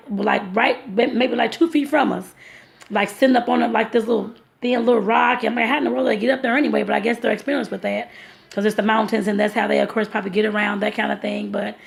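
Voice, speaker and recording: Woman vlogging about her trip, real gravelly creaky voice, rambly and chatty, says y'all a lot. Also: medium pitch. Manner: chatty, rambling, laughs often, addresses viewers as y'all. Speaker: travel vlogger. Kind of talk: casual storytelling to viewers.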